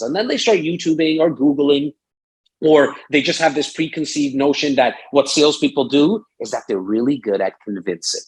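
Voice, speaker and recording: A man talking as a guest in a casual interview, rambling and animated, with lots of fillers and acted-out quotes. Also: fairly high pitch, normal speed, husky, low-quality recording. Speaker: real estate broker and sales strategist. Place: Toronto, Canada.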